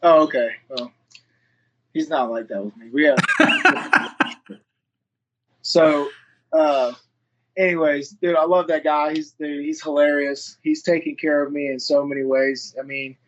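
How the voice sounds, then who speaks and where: A man's voice: on the high side, unhurried, long pauses, fairly bright tone, poor audio. A man, a fighter and firefighter, telling a long story in casual interview chat, swearing freely and acting out what others said. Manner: rambling storyteller, swears freely, acts out quotes.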